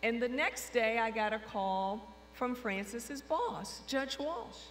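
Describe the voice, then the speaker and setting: A woman telling a lively anecdote, acting out the dialogue with frequent quotes. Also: on the high side, slow pace. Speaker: storyteller recounting her career. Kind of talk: anecdotal storytelling to an audience. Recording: long reverb hall with faint mains hum.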